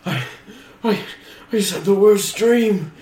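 A man co-hosting a comedy podcast, improvising scenes with theatrical, drawn-out exclamations. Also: sits high, mellow, echoey room. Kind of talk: improvised comedy role-play.

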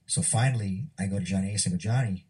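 A man's voice: quick pace, warm tone, husky, rough recording. A man in casual podcast talk, recounting a story with feeling and acting out what others said. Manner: emotional, acts out quotes with shifting pitch. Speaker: former wrestler recounting a story.

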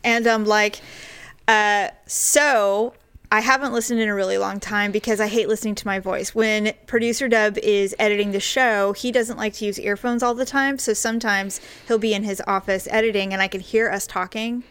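A woman's voice: mid-range voice, normal speed, smooth. Frank, laughing woman podcast co-host. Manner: frank, animated storytelling with bursts of laughter. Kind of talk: casual comedic chat.

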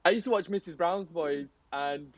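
A man's voice: fairly high pitch, normal speed, no echo. Eager young English man, dull dry remote line. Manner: chatty, eager, laughs easily. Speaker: guest, reality show finalist. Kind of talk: casual chat.

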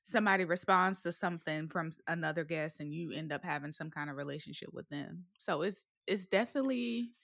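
Sex: woman. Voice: gravelly, a bit low. Role: podcast co-host. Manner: relaxed, laughs easily. Sound: dry. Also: brisk, hardly any pauses, no room sound. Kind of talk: casual podcast chat.

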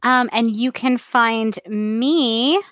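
A woman's voice: on the high side, very slow, fairly bright tone, dry recording. A woman co-hosting a podcast in casual chat, tossing in playful joking asides. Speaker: podcast co-host.

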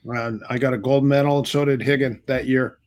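This guest, a middle-aged martial arts instructor, speaks a little fast in an ordinary middle pitch. Casually sharing old stories in an interview, he's an animated storyteller who slips into the voices of those he quotes.

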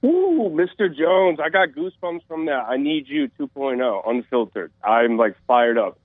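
A man calling in to a radio show, speaking excitedly and gushing with praise. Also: medium pitch, moderate pace, dry recording. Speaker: caller. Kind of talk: call-in talk. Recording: dry phone-line call.

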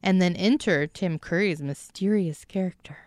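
A woman's voice: lowish voice, a little mellow, no room sound, clean studio sound. A woman co-hosting a podcast, chatting casually about a movie and laughing often. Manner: laughs often, quick to joke. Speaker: podcast co-host.

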